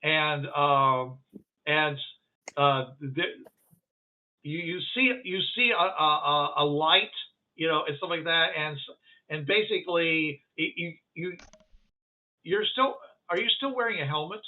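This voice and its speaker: Halting male game master over a tinny line. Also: a little high. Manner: halting, full of restarts and fillers. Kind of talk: narrating a tabletop game.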